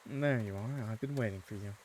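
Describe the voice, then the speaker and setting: A man reading the lines of a poised, mysterious witch woman in a calm, measured way with a weak attempt at a French accent. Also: fairly low pitch, slight background noise, natural voice. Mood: cool, composed.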